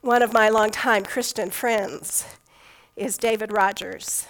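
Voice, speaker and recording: A woman's voice: medium pitch, steady tone, slow pace, fairly bright tone, low-quality recording. A woman pastor preaching a sermon in a conversational storytelling way, with touches of folksy humor.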